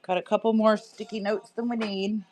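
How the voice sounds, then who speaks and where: A woman's voice: mid-range voice, flat delivery, moderate pace, a little mellow, faint music behind. A woman hosting a casual live-stream sale from home. She is chatty, laughs a lot, and talks to both her viewers and her pet. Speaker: live-stream seller and host.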